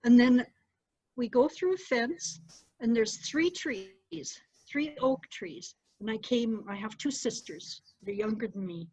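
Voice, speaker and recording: A middle-aged woman, a storyteller, recounting a personal story with animated delivery. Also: a little high, slow, husky, dry recording. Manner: animated, lively retelling with acted-out quotes. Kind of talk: personal storytelling to a small group. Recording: dull, muffled dry recording.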